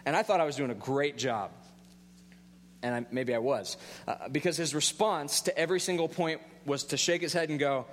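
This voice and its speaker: A man in his thirties, a pastor, preaching a sermon in a relaxed storytelling way with self-deprecating humor. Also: medium pitch, fairly quick, big-room sound, slight background noise.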